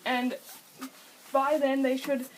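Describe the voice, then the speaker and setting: A late-teen girl vlogger with a high voice rambles through a casual explanation of pet training, interrupting herself with corrections and giggly asides. Her delivery is flat, and she's far from the mic in poor audio with a faint hiss underneath.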